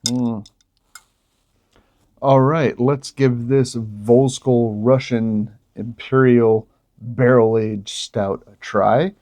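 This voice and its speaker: A man talks through his beer tasting in a relaxed, unhurried way, his mellow voice low and warm. He tosses off jokes and exclamations between sips, casual and unscripted. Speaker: beer vlogger.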